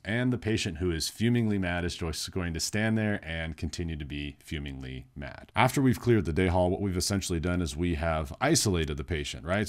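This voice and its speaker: Low-voiced man giving nursing tips. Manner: casual, plain-spoken explaining. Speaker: psychiatric nurse. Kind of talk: instructional video talk.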